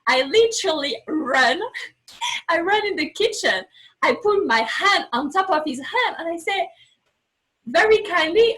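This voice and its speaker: A woman with a very high voice tells a candid personal story as a podcast guest, speaking unhurriedly over poor audio. She's animated and acts out her own lines, and her English, a second language, has small slips.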